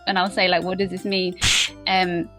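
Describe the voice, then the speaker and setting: A woman's voice: lowish voice, little pitch movement, normal speed, over music. A woman with a Southern English accent, an online English tutor chatting casually on a video call and laughing often. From England.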